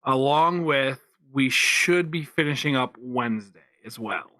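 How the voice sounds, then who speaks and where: Bright-voiced man chatting on a podcast. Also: medium pitch, unhurried, no room sound. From Pennsylvania, USA. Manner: rambling, lots of restarts and fillers. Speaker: podcast co-host. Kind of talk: casual chat.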